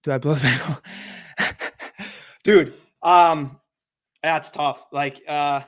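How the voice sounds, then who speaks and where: A man's voice: on the high side, steady tone, slow. A young man rambling easily as a streamer and host in casual live-stream chat from home. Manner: easygoing, rambling, chatty. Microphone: desk microphone.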